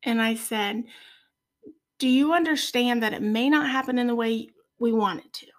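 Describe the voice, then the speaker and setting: A middle-aged woman speaking as a podcast guest in a heartfelt faith conversation, earnest and soft-spoken. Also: fairly high pitch, moderate pace.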